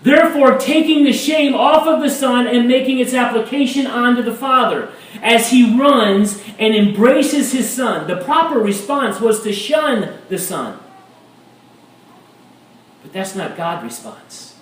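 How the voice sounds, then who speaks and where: A man preaching a sermon as a pastor, animated and rising to shouts at times. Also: very high voice, measured pace. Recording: echoey room, mic at a distance.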